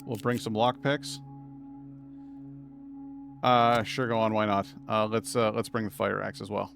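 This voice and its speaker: A man's voice: fairly low pitch, flat delivery, measured pace, vocal fry, fairly bright tone, faint music behind. A man from Massachusetts with a New England accent, chatting casually as he streams a video game. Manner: chatty, rambling, self-deprecating asides. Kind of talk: live game commentary.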